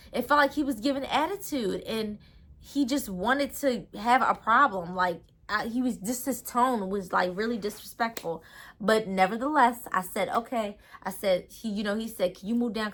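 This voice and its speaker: A young adult woman telling a casual storytime vlog in an animated, ranting way with lots of slang. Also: medium pitch. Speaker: storytime vlogger.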